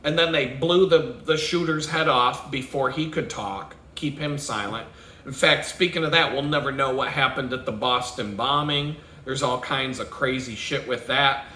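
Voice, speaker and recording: A man, ranting alone with swearing and conspiracy talk, sometimes shouting loudly. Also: mid-range voice, reverberant, slight background noise. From Texas. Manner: profane, conspiratorial, swings into loud shouting and mimicked sounds. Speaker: podcast host. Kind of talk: profane solo rant.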